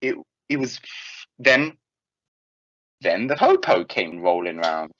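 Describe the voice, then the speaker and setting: Young guy, lively storyteller who swears a lot; dull lo-fi, dry recording. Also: sits low, unhurried, dry recording. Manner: animated, swears freely, lots of restarts. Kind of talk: casual anecdote telling.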